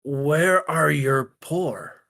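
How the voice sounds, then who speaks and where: A man's voice: on the high side, expressive, drawn-out words, gravelly, fairly bright tone, heavily acted. A man playing a naive country adventurer awed by a big city, in a tabletop game. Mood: wide-eyed. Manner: naive, earnest. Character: naive, wide-eyed country adventurer Mason.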